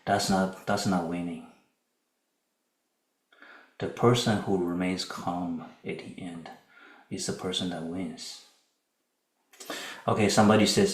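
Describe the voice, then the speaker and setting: A man giving a Buddhist dharma lecture in a calm, conversational way, often checking in with his listeners. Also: sits low, reverberant, rough recording. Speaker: Buddhist teacher.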